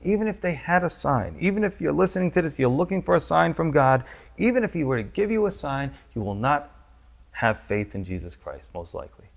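A man's voice: a little high, very animated, fairly quick, vocal fry, dull audio. A man preaching a sermon, teaching verse by verse with emphatic, urgent questions. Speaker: pastor.

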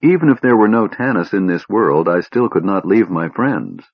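A man voicing a young woman, speaking softly and earnestly to a friend. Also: low-pitched, very animated, normal speed, no room sound, dull audio, full character voice. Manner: soft, earnest pleading.

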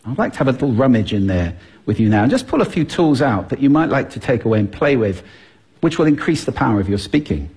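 A man's voice: medium pitch, very animated, fast, a little mellow, breathy edge. A man giving a stage talk to a live audience, playful and demonstrating points with his own voice. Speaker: public speaker on voice and speaking.

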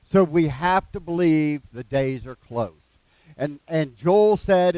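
A man preaching a sermon in a folksy way, reading scripture slowly with plain asides and repeated phrases. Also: fairly high pitch, lively intonation, dark tone, no echo, rough recording.

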